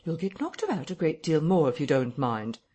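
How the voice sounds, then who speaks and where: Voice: mid-range voice, very animated, brisk, dark tone. A reader voicing an invisible man who speaks in curt, cold threats. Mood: threatening. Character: invisible man, menacing and impatient.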